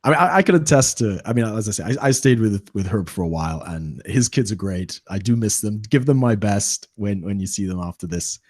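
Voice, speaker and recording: A man's voice: on the low side, brisk, hardly any pauses, dry recording, clean studio sound. A man hosting a casual interview, friendly and chatty, affirming his guest often. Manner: friendly, animated, frequent affirmations. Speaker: host.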